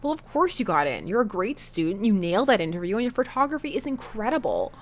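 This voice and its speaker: A woman's voice: medium pitch, sing-song, quick pace, natural voice. A woman voicing a doting, goofy single dad in a video game, reading his lines playfully in her own voice. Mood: proud. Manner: playful, proud, teasing. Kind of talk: voicing a game character aloud.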